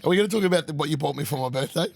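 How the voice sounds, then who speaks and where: A man's voice: on the high side, rapid-fire, creaky, very noisy. An Australian man in his thirties, telling a story as a podcast guest in a pub, swearing freely and acting out the people in his stories. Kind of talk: casual storytelling.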